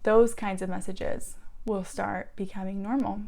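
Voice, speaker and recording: A woman coaching listeners through a guided self-love talk, gentle and earnest, dropping now and then to soft whispers. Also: medium pitch, flat delivery, unhurried, gravelly.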